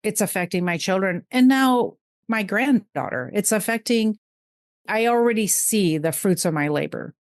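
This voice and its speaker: A middle-aged woman, a podcast guest, speaking earnestly and emotionally in quick bursts in a heartfelt interview. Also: mid-range voice, animated, dry recording, studio quality.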